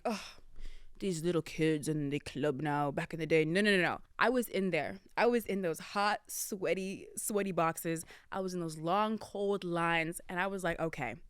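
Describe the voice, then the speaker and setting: A woman in her early twenties, hosting a podcast and telling a casual story to her listeners. She talks in a chatty way, addresses them as y'all, and swings her pitch and volume for drama. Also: clear, resonant tone, no echo, studio quality. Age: early 20s. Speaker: podcast host.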